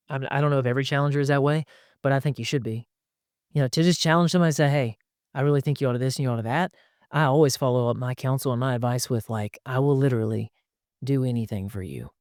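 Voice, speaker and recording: A middle-pitched man speaks as a pastor in a relaxed podcast chat. He talks with emphasis and slips into quick voices for the people he quotes. The sound is dry and close, with no room echo. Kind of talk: conversational podcast discussion.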